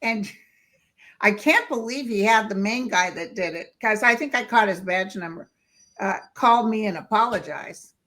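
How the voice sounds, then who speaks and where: A woman guest telling stories in casual chat, lively and acting out the voices of people she quotes. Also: medium pitch, a little slow. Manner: lively storyteller who acts out quoted voices.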